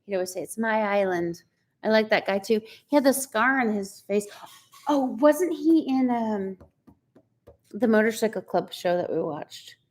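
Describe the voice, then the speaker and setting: A woman's voice: fairly high pitch, lively intonation, moderate pace, a little mellow. A woman, chatting casually on a live stream, greeting viewers by name and laughing often. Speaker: co-host of a live chat stream.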